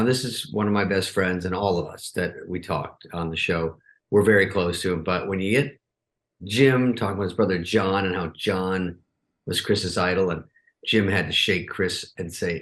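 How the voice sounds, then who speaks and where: A middle-aged man, a guest on a talk show, telling stories in a relaxed, chatty way and jumping into higher voices to act out what others said. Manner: animated, acts out quotes in raised voices. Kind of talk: casual interview storytelling.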